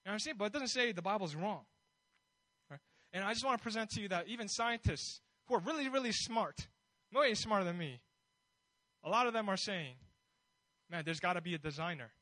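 A man's voice: high voice, expressive, a little fast, pauses often, bright, forceful tone, no room sound, poor audio. A man preaching a sermon in a conversational way, building his points with rhetorical questions and bold emphasis.

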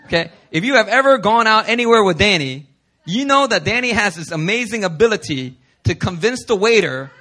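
A man's voice: high voice, lively intonation, fairly quick, sharp tone. A young male pastor giving a sermon in a church, telling stories in a casual, joking way.

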